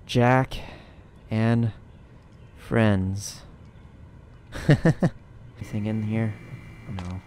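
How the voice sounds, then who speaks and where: A man giving sweary, animated let's-play commentary as a gaming YouTuber, laughing often. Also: lowish voice, drawn-out words, pauses often, slight background noise.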